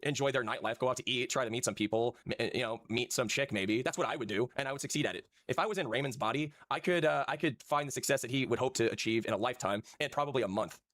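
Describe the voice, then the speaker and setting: Fast-ranting man. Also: medium pitch, fairly bright tone, no echo, studio quality. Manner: fast, heated ranting with filler "dude". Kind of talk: ranting stream talk.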